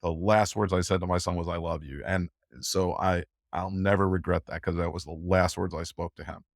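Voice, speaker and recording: A man's voice: low voice, steady tone, brisk, gravelly, no echo, studio quality. An older man, a guest in an interview, talking emotionally and at length with frequent laughter and restarts. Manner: emotional, rambling, laughs often. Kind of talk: conversational interview.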